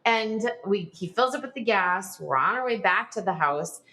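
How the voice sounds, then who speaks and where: A woman in her forties speaks as a podcast guest, recounting a personal story. Her voice sits in a middle register but swings widely up and down. She talks in quick, animated bursts and leans on "like" as a filler. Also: medium pitch.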